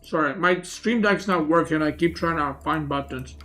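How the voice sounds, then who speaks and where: A man's voice: a little high, moderate pace, few pauses, bright, forceful tone, soft background music. A man streaming live, casually commenting on a tournament and thinking aloud about his theories.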